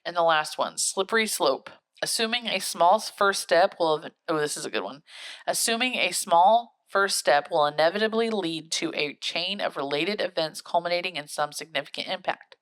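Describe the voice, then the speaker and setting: A woman's voice: fairly low pitch, normal speed, fairly bright tone. A woman co-hosting a casual podcast, reading definitions aloud and laughing often. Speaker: podcast co-host. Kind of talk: casual chat.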